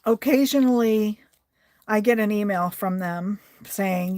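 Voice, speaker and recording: A woman's voice: mid-range voice, little pitch movement, a little slow. A woman hosting a craft livestream, chatting casually and reading viewer comments aloud.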